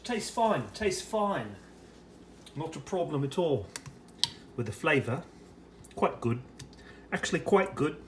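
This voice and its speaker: Lively put-on British accent, chatty. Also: mid-range voice, slow, long pauses, a little hiss or hum. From United States. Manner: chatty running commentary while preparing and tasting food. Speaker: ration reviewer. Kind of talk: casual food review vlog.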